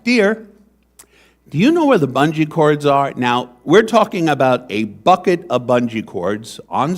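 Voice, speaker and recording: A man preaching in a church, first reading scripture aloud, then telling humorous, self-deprecating everyday stories. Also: mid-range voice.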